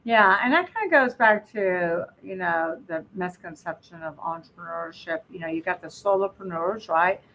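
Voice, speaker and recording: A woman hosting a podcast interview, lively and quick to laugh in casual chat. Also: on the low side, slight background noise, poor audio. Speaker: podcast host.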